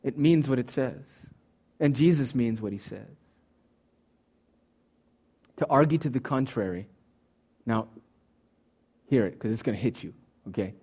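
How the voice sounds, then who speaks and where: A man's voice: mid-range voice, lively intonation, moderate pace, long pauses, dark tone, breathy edge. A man preaching a sermon, teaching from Greek words with emphatic, swinging delivery and touches of humor. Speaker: pastor.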